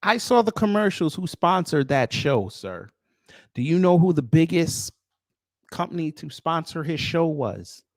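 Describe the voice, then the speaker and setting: Lively incredulous man, dry sound. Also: fairly high pitch, a little slow, no room sound. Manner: incredulous, mocking. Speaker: YouTube commentator. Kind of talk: reaction commentary.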